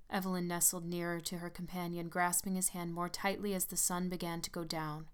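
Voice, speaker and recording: A woman narrating a gothic story as an audiobook, measured and hushed. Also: lowish voice, flat delivery, clear, resonant tone.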